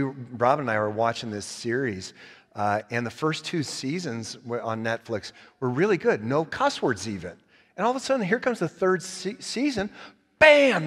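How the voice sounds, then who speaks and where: A male pastor preaching a sermon, animated and joking, swinging from quiet asides to loud emphatic points. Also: medium pitch, big-room sound. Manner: joking, laughs at own stories. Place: church sanctuary.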